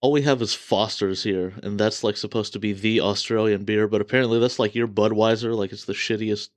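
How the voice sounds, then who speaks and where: A man's voice: on the low side, fairly even intonation, brisk, no echo. An American man co-hosting a podcast, trading blunt, profane, teasing banter. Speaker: podcast co-host.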